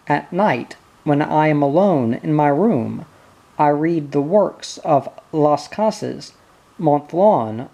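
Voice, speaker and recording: A bitter, proud prince of eighteen, intense and resentful, speaking slowly with a gravelly edge, as a reader puts him on. The low, rough voice stays close to the reader's own. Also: male voice, mellow, heavily acted. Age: teens.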